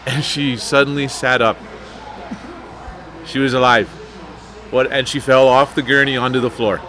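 A Canadian man co-hosting a casual live chat show from a sports bar, teasing with dark humor. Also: medium pitch, fairly even intonation, normal speed. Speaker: podcast co-host.

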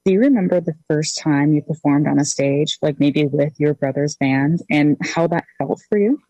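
Low, mellow woman interviewing. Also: normal speed, no room sound, lo-fi sound. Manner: encouraging, with frequent affirmations. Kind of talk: casual interview.

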